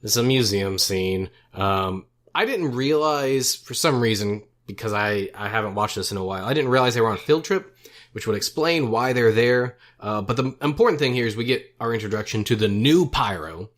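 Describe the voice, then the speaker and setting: A man's voice: mid-range voice, brisk, a bit bright. A young man co-hosting a movie podcast, chatting casually, rambling and correcting himself as he goes, chuckling at his own jokes. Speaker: podcast co-host. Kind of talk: casual movie review chat.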